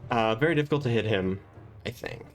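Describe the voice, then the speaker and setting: Game master musing through session plans. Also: male voice, on the low side, a little fast, faint music behind. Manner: rambling, thinking aloud with fillers. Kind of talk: casual planning monologue.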